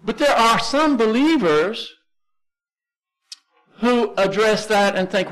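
High-voiced Texan man preaching. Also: animated, a bit bright, soft background music, rough recording. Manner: emphatic, conversational preaching with slow stressed phrases. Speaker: pastor. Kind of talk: sermon.

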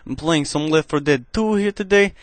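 A man doing gameplay commentary in a cheesy put-on Russian accent, speaking halting, broken English into a headset. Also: on the high side, no echo. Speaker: gaming commentator.

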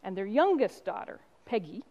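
A woman's voice: medium pitch, big pitch swings, mellow, lo-fi sound. Impassioned woman pastor preaching. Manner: impassioned preaching with storytelling and emphatic pauses. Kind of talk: sermon.

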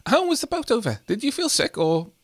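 A man voicing a doting, chatty elderly grandmother who fusses over her grandchild with rapid questions. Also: very high voice, very animated, no room sound, clean studio sound, pitched above the performer's own voice, full character voice.

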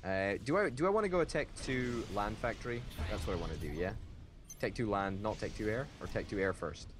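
A man chatting casually while playing a strategy game, self-mocking and prone to sudden excited jumps in pitch. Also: brisk, music in the background. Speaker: game commentator. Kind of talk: casual gameplay commentary. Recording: background hiss.

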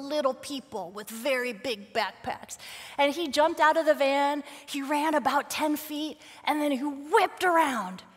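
A woman in her forties, a guest speaker telling stories to a church congregation on Mother's Day, with lively storytelling and acted-out shouts. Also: sits high. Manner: warm storytelling, acts out her son's shouts. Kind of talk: Mother's Day sermon talk. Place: church sanctuary. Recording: long hall reverb of a church.

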